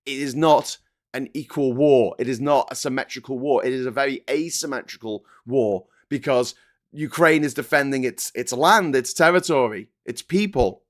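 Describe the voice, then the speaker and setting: A man's voice: medium pitch, moderate pace. Ranting man hosting. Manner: impassioned, repetitive, ranting. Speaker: host. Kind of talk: political commentary monologue.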